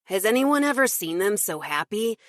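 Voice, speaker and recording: A woman's voice: medium pitch, big pitch swings, moderate pace, dry recording, studio quality, close to an everyday voice. A woman doing a gleeful, flamboyant man. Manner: gleeful, theatrical.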